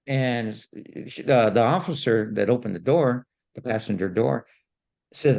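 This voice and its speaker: A man casually telling a story on a podcast, animated and indignant, often repeating himself. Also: mid-range voice, a little slow, creaky. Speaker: podcast co-host.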